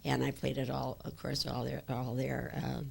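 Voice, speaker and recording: A woman's voice: a bass voice, completely flat delivery, normal speed, gravelly. An older woman telling stories from her childhood in an oral history interview, rambling with fillers and restarts.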